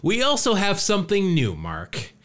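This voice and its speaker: A man's voice: high voice, huge pitch swings, normal speed, a bit bright. A man hosting a casual podcast, joking around and rambling, with a lot of fillers and restarts. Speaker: podcast host.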